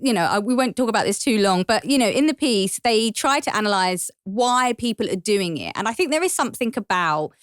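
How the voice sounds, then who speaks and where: A woman with an East London accent, a podcast guest telling stories in a casual, animated way and laughing often. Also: mid-range voice, brisk, few pauses, no room sound, studio quality. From England. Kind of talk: casual chat.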